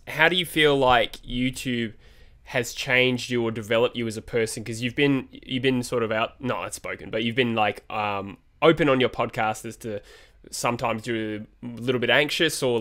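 A man's voice: medium pitch, fairly bright tone. Podcast host dude, friendly, kinda wanders around his question. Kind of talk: podcast interview.

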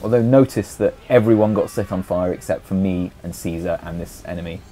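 A man's voice: low voice, a little fast, warm tone, slight background noise. Man doing jokey game commentary. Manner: joking, bossy banter with a friend. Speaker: let's play commentator. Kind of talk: casual gameplay commentary.

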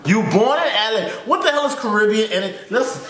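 A man with a Jamaican accent hosting a reaction video, ranting with exclamations and sudden jumps in pitch. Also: animated, fast talker, a bit bright, slight background noise. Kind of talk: animated reaction commentary. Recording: echoey room.

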